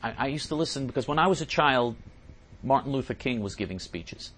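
A man's voice: mid-range voice, animated, brisk, a bit bright, slightly rough. A male talk show host answering listener letters in an emphatic, repetitive way.

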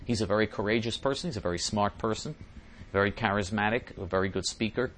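A man's voice: fairly low pitch, fast, fairly bright tone, slight background noise. Emphatic man hosting a talk show. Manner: emphatic and repetitive. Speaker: radio host answering listener mail.

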